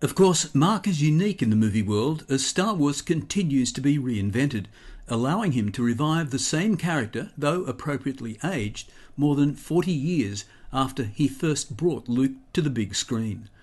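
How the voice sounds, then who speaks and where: A man's voice: mid-range voice, expressive, a little mellow. Man reading a scripted wrap-up. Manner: measured announcer delivery. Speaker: host narrator. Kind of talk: scripted narration.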